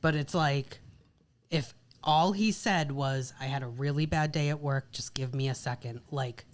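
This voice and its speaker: A woman's voice: extremely low pitch, measured pace. A woman co-hosting a podcast about marriage, talking casually and leaning on "like" and "literally.". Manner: chatty, repeats "like" and "literally" often. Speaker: podcast co-host. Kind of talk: casual chat.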